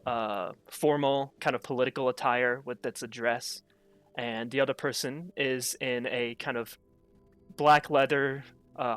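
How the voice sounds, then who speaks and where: A man with a medium-pitched, slightly bright, clear and resonant voice narrates a tabletop game as game master, captured in a dry recording. His delivery is loose and casual, packed with hedges like "kinda," fillers, and restarts.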